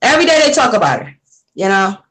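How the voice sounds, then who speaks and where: A woman's voice: mid-range voice, very animated, fast, a bit bright, low-quality recording. A woman guest giving motherly, soothing advice in a personal conversation. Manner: soothing and motherly, calls her "baby".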